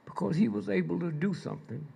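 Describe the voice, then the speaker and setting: Older man, high husky voice, slow storytelling lecture, keeps prodding the crowd with "huh?". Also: dark tone. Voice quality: gravelly, husky. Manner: prods the audience with repeated "Hmm?" and "Huh?"; slow, drawn-out delivery with pointed pauses. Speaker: speaker addressing an audience. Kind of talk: storytelling lecture to a live audience.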